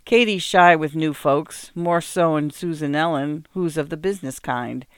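A woman's voice: sits low, normal speed, clean tone, no echo, studio quality. A woman reading aloud and voicing a kind-hearted, hardworking farmer in old rural dialect, earnest and homely in manner. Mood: gentle. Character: kindly hardworking farmer man, cheerful yet grieving.

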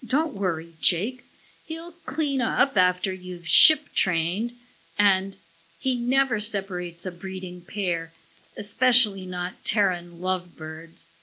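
A woman's voice: medium pitch, slow pace, bright, forceful tone, low-quality recording. A woman voicing a sly, scheming male parrot who snickers and squawks smugly.

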